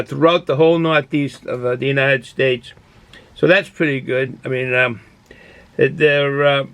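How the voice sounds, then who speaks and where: Man, Boston accent, rambling casual beer review, fairly high voice, dry close sound. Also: a bit bright, no room sound, low-quality recording.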